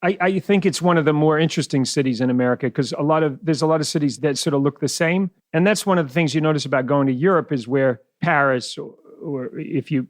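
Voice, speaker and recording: A man's voice: fairly high pitch, no echo, clean studio sound. A middle-aged man from New Zealand with a blended New Zealand and West Indian accent, chatting as a podcast guest and telling stories with frequent laughs. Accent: mixed New Zealand and West Indian. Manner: chatty storyteller, laughs often. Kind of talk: casual podcast conversation.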